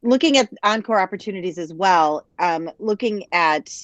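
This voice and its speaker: Low-voiced woman, muffled call audio. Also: animated, normal speed, dry recording. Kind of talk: planning group discussion.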